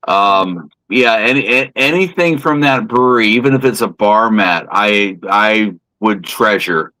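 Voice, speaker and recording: A man's voice: lowish voice, expressive, measured pace, pushed and bright, no echo, low-quality recording. A man chatting casually on a video call, telling rambling, hesitant stories. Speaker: podcast participant. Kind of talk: casual chat.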